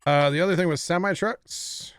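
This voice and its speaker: A man's voice: fairly high pitch, moderate pace, a bit bright, clean tone, no room sound, clean studio sound. A man livestreaming a farming game, chatting casually with his viewers and often apologizing with a laugh. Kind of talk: casual gameplay commentary.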